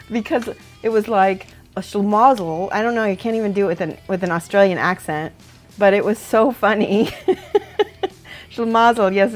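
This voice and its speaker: A woman in casual livestream chat, talking through her work as she goes. She laughs often and thinks aloud in a voice of middling pitch. Soft music plays faintly behind her. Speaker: livestream host painting models. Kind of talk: casual chat while working.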